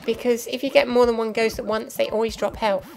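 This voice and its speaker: A woman's voice: on the high side, steady tone, brisk, low-quality recording. A young woman giving chatty, explanatory let's play commentary with lots of ums and asides. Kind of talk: casual gameplay commentary. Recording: game music playing clearly behind. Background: game music.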